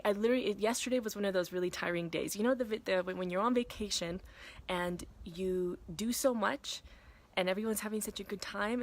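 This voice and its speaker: A woman in her thirties telling a candid, rambling story to her viewers, swearing freely and breaking off to talk to her kids. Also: mid-range voice. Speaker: vlogger and mother. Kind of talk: casual confessional vlog. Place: vacation cabin in the mountains.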